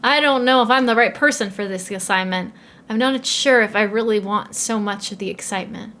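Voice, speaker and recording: A woman's voice: mid-range voice, a little fast, pushed and bright. Polite unsure young reporter voiced by a woman, mild and courteous, game narration. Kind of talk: first-person game narration read aloud.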